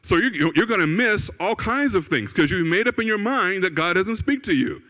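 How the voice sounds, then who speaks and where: Male pastor, fairly high voice, casual preaching style that keeps repeating key lines, long church-hall reverb. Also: animated, normal speed, bright, forceful tone. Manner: conversational, repeats phrases for emphasis, asks "right?" and "okay?". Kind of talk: sermon. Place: church sanctuary.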